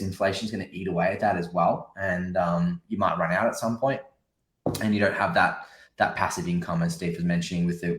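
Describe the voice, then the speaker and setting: An Australian man with a very low voice co-hosts a casual podcast and works through his points steadily. His voice carries a roomy echo. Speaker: podcast co-host.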